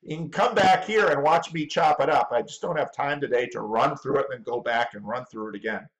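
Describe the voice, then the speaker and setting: A man's voice: medium pitch, a little fast, low-quality recording. A male pastor giving running commentary on a video clip, thinking aloud in a stop-start way and repeating words.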